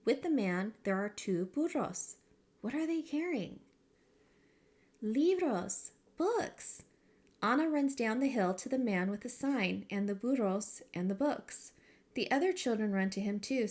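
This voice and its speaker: A woman teacher reads a children's picture book aloud, telling the story with expression. She pauses to point listeners to details in the illustrations, in a clear classroom read-aloud manner. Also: medium pitch, darkish tone.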